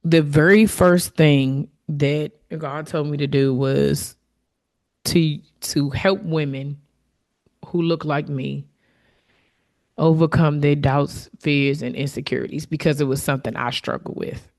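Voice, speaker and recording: A woman's voice: sits low, fairly even intonation, unhurried, a little mellow. A woman hosting her own podcast, talking candidly and from the heart in a reflective solo monologue, with fillers and restarts. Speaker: podcast host.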